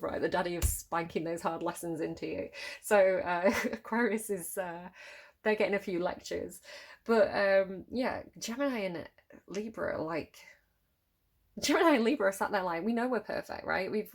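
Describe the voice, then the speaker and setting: A woman in her thirties giving a casual tarot reading, chatty and laughing often, restarting her phrases. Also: medium pitch. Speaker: tarot reader.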